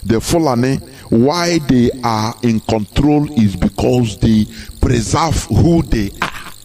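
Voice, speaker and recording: A man's voice: mid-range voice, slow pace, a little mellow, faint music behind. A man with a Nigerian Igbo accent giving a live broadcast speech, emphatic and full of repeated rhetorical questions. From southeastern Nigeria. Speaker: activist broadcaster.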